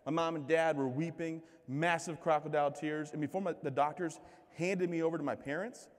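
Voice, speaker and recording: A man in his thirties from Michigan, giving a comic, self-mocking keynote speech with lively crowd banter. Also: on the high side, fairly quick. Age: 30s. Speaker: keynote speaker. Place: large conference hall. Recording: long hall reverb.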